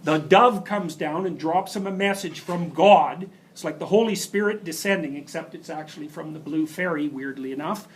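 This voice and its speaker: A man's voice: on the high side, normal speed, hardly any pauses, low-quality recording. A man giving a university lecture, telling stories emphatically with rhetorical questions and asides. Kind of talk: classroom lecture.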